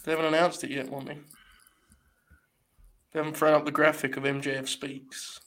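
Host, a bit higher voice, teasing and swearing, laughs a lot. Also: male voice, level tone, normal speed, fairly bright tone. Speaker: podcast host. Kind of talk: casual chat.

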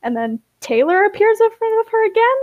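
A woman's voice: extremely high pitch, sing-song, brisk, dry recording, narrow, tinny audio. A woman podcast co-host chatting casually and teasing with a laugh. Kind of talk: casual chat.

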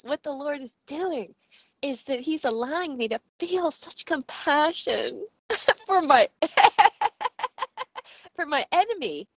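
A woman in her forties giving a personal faith testimony, earnest and halting as she searches for words, often laughing as she talks. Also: high-pitched, expressive, no room sound. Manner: often breaks into laughter while speaking. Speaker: Christian speaker sharing a testimony.

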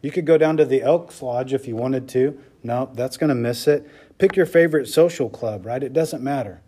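Mellow-voiced man preaching a sermon. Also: mid-range voice, normal speed, slightly rough. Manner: emphatic preaching, frequent "okay?" and "right?" checks. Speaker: pastor.

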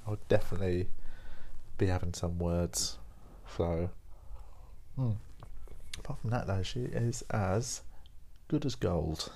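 A man's voice: deep voice, slow pace, vocal fry, warm tone. A tired young man hosting his own podcast, rambling along in a wry, self-mocking casual chat. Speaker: podcast host.

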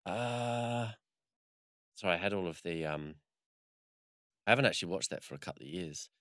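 Deep, bright-toned man rambling casually. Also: normal speed, no echo, studio quality. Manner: rambling, animated retelling with lots of fillers and swearing. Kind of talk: casual chat.

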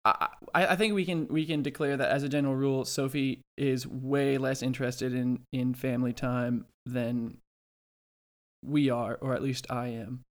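A man's voice: mid-range voice, flat delivery, normal speed. Rambling, hesitant man in casual chat. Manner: rambling, hesitant with many restarts and fillers; dry sarcastic humor. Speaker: podcast co-host.

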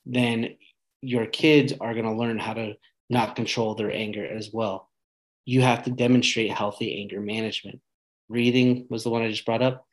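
A man's voice: mid-range voice, rough recording. A man hosting a podcast, giving earnest parenting advice in a casual monologue and often checking in with "right?".

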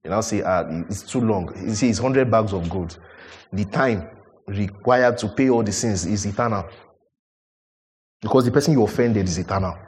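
A middle-aged man preaching a sermon, emphatic, swinging from loud rhetorical questions to low, quiet asides. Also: moderate pace, long pauses, in a large hall.

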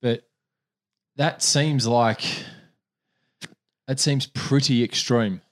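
A man's voice: mid-range voice, steady tone, drawn-out words. A man co-hosting a podcast in casual chat, easygoing and swearing casually, with the hiccups. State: has the hiccups. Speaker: podcast co-host.

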